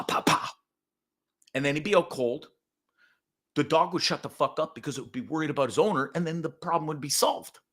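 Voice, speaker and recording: A man hosting his own show, telling a story in a profane, animated rant with sudden loud outbursts. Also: on the high side. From Canada. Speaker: podcast host. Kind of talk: casual ranting monologue.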